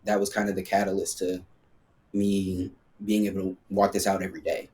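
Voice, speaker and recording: A man's voice: sits low, flat delivery, brisk, a little mellow. A man guesting on a podcast, telling a personal story in a casual, slangy way full of fillers.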